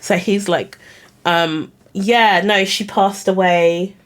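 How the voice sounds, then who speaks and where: A woman's voice: mid-range voice, steady tone, slow pace. A young woman, telling a story casually to camera in a chatty, giggly, self-conscious way. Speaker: vlogger.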